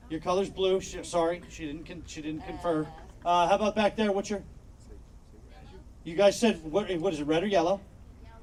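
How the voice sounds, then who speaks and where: High-voiced man hosting a comedy night. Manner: casual, rambling crowd banter with fillers. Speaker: show host. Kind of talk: hosting a live comedy show. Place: outdoor patio comedy show.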